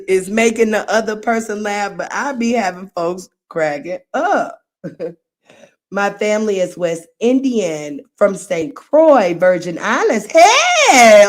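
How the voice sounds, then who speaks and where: Unhurried, playful middle-aged woman. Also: mid-range voice. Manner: animated and playful, often laughing at herself. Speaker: livestream host. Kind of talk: casual chat reacting to viewer comments.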